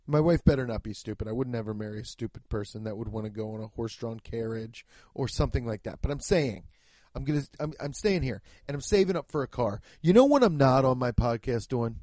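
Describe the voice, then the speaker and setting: A man's voice: medium pitch, big pitch swings, fairly quick, darkish tone, no echo. A man in his thirties hosting a podcast, with a profane, mocking comedic rant. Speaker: podcast host.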